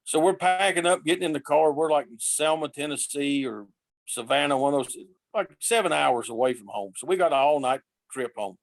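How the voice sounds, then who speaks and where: Man, fairly high voice, dry close sound, storyteller who voices his characters. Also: brisk, dry recording. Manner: lively, acts out quoted voices. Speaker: podcast guest telling road stories. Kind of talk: casual storytelling.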